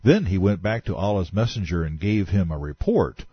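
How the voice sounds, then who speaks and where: A man's voice: sits low, moderate pace, hardly any pauses, breathy edge, dry recording. A man reading historical texts aloud in scripted, dramatic narration, in a dull, dry recording.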